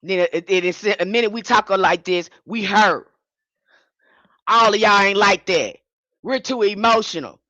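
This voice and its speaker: A woman's voice: mid-range voice, unhurried, bright, forceful tone, no echo, dull audio. A woman giving an impassioned livestream sermon as a spiritual teacher, speaking in a fiery, confrontational way and repeating her points.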